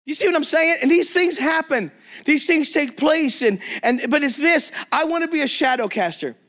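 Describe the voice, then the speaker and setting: High-voiced, animated male preacher. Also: normal speed. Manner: animated, acts out quoted voices, jokey asides. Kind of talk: energetic storytelling sermon. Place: church or men's meeting hall.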